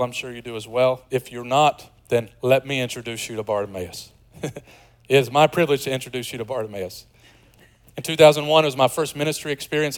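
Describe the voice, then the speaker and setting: A man in his forties preaching a sermon, shifting from loud and excited to soft and hushed, with conversational, joking asides. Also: mid-range voice, low-quality recording. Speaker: pastor.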